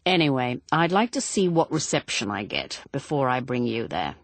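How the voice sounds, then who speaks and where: A woman voicing a guarded, protective grown son who talks in a firm, measured way. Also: rumbling low, big pitch swings, no room sound, exaggerated voice.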